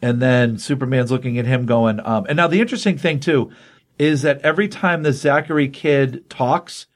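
A man hosts a casual talk show and walks through a comic's plot scene by scene. He slips into the characters' dialogue as he goes, and "um" and "like" pepper his speech. His voice sits at an ordinary middle pitch. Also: moderate pace. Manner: animated retelling that acts out the dialogue, with many fillers. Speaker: podcast co-host. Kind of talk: casual comic-book recap.

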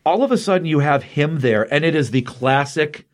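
Hosting a laid-back conversation, this middle-aged man gets excited recounting a comic book story, wandering off track and leaning on lots of filler words. He speaks at normal speed with a fairly high pitch.

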